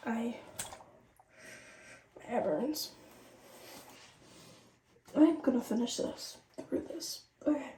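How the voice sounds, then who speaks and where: A chatty teenage woman tells a story straight to her viewers while working through her skincare routine. Her voice sits a little high with a mellow softness. She is some way from the mic in an echoey room. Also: a little hiss or hum. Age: late teens. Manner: chatty, animated, addresses viewers directly. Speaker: vlogger. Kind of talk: casual storytime chat. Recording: roomy and distant from the mic.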